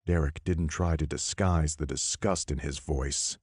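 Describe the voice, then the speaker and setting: A man reading a horror audiobook as narrator, measured and expressive. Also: very deep voice, husky, no echo, studio quality. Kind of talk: scripted narration.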